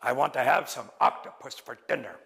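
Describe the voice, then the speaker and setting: A man's voice: mid-range voice, brisk, gravelly, a bit bright, voice pushed down. A man playing Cake, the angry scheming uncle. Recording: long reverb of a lecture hall.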